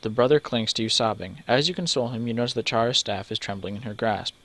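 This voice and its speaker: A man's voice: medium pitch, fast talker, fairly bright tone. A man reading a text adventure game aloud, stumbling over names and breaking off for joking asides. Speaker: let's player.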